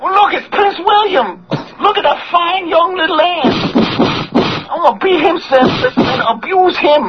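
Brief: shrill, crude brawler ex-con, shouting taunts, noisy lo-fi radio air. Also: male voice. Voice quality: high-pitched lisping squeal, crude taunting. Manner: shouting, crying out, laughing between taunts. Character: brawling male ex-con boxer rampaging through England. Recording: dull radio broadcast with noise.

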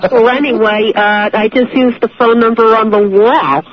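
A woman's voice: on the high side, steady tone, normal speed. A woman calling in to a radio talk show, meek and apologetic, often giggling nervously. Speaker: caller. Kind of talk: radio call-in chat. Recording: dull noisy radio audio.

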